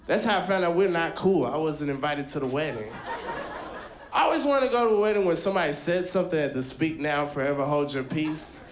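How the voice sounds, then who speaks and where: A man's voice: a little high, animated, brisk, echoey room, slight background noise. A man doing a stand-up comedy set, telling wry, casual stories. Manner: casual, wry storytelling with a mocking put-on bro voice.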